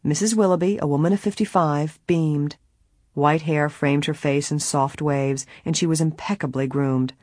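A woman narrates a story in a measured, steady way. Her voice has a slightly husky grain and is recorded close and completely dry. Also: low voice, dry recording. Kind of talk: audiobook narration.

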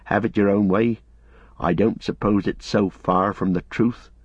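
A man's voice: on the low side, steady tone, a little slow, breathy edge, dry recording. A man playing a loyal, plain-spoken male hobbit servant with homely, rustic turns of phrase, on a dull lo-fi recording. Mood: resigned.

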